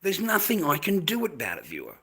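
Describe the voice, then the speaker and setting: A man's voice: on the high side, huge pitch swings, brisk, gravelly, pushed and bright. A middle-aged man giving coarse, swearing, emphatic advice to other men in a blunt monologue.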